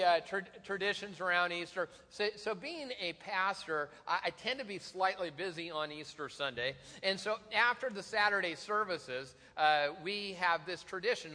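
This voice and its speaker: A man's voice: high-pitched, sharp tone. A man in his forties, a pastor, telling funny self-deprecating stories in an Easter sermon, often laughing. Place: large church hall. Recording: long hall reverb.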